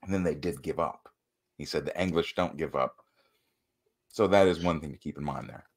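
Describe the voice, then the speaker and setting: Deep-voiced, pedantic American man. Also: normal speed, creaky, husky. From United States. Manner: dry, pedantic commentary. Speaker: stream co-host.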